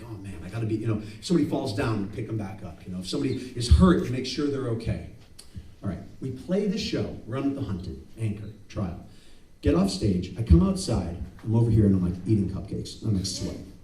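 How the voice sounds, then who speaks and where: A man's voice: mid-range voice, mellow, slight background noise. A man performing a live spoken word story in a club, self-mocking and acting out the dialogue. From United States. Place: club stage before an audience. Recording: roomy live club sound from a distance.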